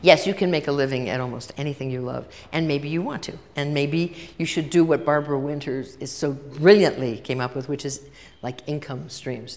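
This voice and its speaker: In a big hall full of listeners, an older woman with a bass, slightly mellow voice leads a workshop. Her talk is chatty and story-driven, and she voices both parties in the dialogues she recounts, all washed in the hall's long reverb.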